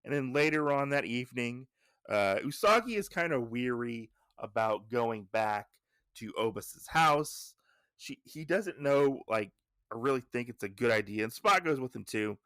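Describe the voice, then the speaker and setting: A man's voice: mid-range voice, lively intonation, moderate pace, bright, forceful tone, smooth, dry recording, studio quality. A man hosting a podcast who recaps a comic in a casual, rambling way, with lots of restarts and "you know", lifting his voice when he paraphrases characters. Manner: paraphrases characters' lines in a lifted voice. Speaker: podcast host.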